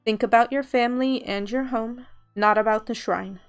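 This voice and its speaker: A woman voicing a stern, calm man who gives firm instructions in a game reading. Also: fairly high pitch, normal speed, clean tone, soft background music, lightly acted. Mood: instructing.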